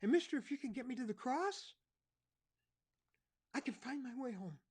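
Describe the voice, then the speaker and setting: Brief: a man playing a sniffly lost little boy in a preacher's story, squeaky high and small. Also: expressive, a little mellow, husky, full character voice. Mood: hopeful. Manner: small, tearful, halting. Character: lost crying five-year-old boy, sniffling.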